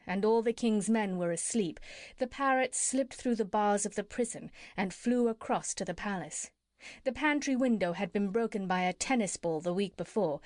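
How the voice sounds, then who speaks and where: A woman reads a children's storybook aloud with steady, gentle pacing. Her voice sits in a middle pitch, and the close mic gives a dry sound with no room around it. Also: dry recording. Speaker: audiobook narrator. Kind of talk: storybook narration.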